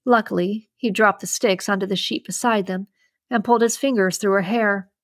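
A woman's voice: mid-range voice, fairly even intonation, moderate pace, no echo. Woman reading a novel, dry and close. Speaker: podcast host and reader. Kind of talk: reading an erotic thriller novel aloud.

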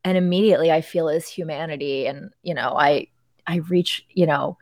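A woman voicing a smug male business networker in a quick mocking impression, telling a halting, self-important story. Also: sits low, steady tone, a little mellow, no echo, clean studio sound, pitched below the performer's own voice.

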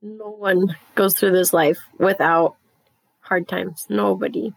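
A woman's voice: medium pitch, fairly even intonation, slow pace, creaky, no room sound, rough recording. A middle-aged woman telling an earnest, emotional personal story in a casual conversation. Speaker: guest.

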